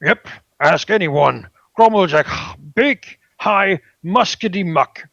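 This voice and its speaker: A man's voice: sits high, animated, slow pace, gravelly, a bit bright, no echo, highs cut off, pitched above the performer's own voice, exaggerated voice. A man voicing a dim-witted, boastful male ogre who speaks of himself by name in broken grammar.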